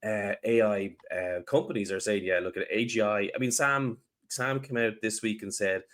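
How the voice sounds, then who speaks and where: Nasal, congested man with a lowish voice. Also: normal speed. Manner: excitable, trails off and restarts often. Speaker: podcast co-host. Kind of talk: casual podcast chat.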